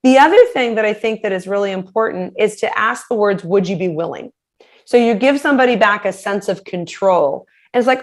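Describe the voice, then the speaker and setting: A woman's voice: mid-range voice, fairly quick. A woman giving practical communication advice as an interview guest, talking animatedly and acting out example phrases. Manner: animated, acts out quoted phrases in shifting voices.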